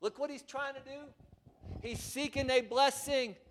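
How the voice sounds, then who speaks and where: A man preaching a sermon, acting out scripture voices and swinging from quiet asides to loud, dramatic passages. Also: extremely high pitch, steady tone, unhurried.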